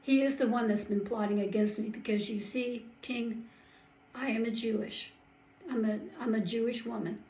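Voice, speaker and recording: A woman's voice: on the high side, fairly even intonation, normal speed, a little mellow, roomy sound, lightly acted, rough recording. A woman voicing a gracious, courageous young queen who speaks with polite, earnest pleading.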